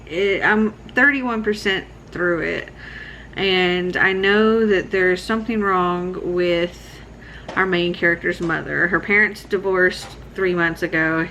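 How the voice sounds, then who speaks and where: A woman in her thirties giving a relaxed, rambling late-night book vlog check-in, sounding sleepy. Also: fairly low pitch, slow, muffled recording, slight background noise. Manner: relaxed, rambling, laughs often. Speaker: book vlogger.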